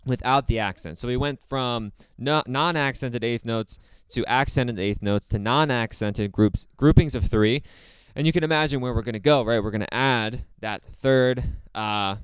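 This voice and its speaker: A man teaching drums, explaining a practice method step by step in a relaxed way, with many fillers. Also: mid-range voice, clean tone, dry recording. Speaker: drum teacher. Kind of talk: casual instructional talk.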